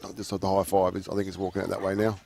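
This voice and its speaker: A man's voice: sits low, level tone, very fast, gravelly, a little mellow. A man chiming in as co-commentator with brief, offhand replies. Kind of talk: amateur sports commentary.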